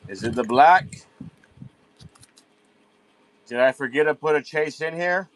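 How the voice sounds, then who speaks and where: A man's voice: a little high, a little slow, slight background noise, low-quality recording. Chatty man hosting a live sale. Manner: chatty, hypes each pull, speaks straight to viewers. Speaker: host of a live online diecast car sale. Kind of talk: casual live-stream sales chat. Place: warehouse at night.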